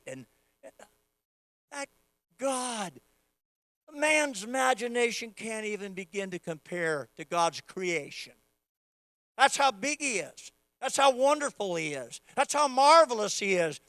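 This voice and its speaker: A man preaching a sermon, moving from casual teaching to loud, fervent prayer. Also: high-pitched, animated, takes it slowly, no room sound. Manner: acts out quoted voices of God playfully. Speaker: pastor.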